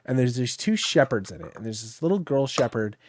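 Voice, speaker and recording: A man's voice: mid-range voice, animated, a little fast, a little mellow, slight background noise. A tired man co-hosting a podcast in casual chat, rambling and swearing freely. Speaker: podcast co-host.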